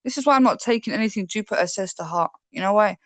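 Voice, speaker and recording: A woman's voice: medium pitch, quick pace, dry recording. A young woman with a London accent on a live debate stream, confrontational, slangy and swearing.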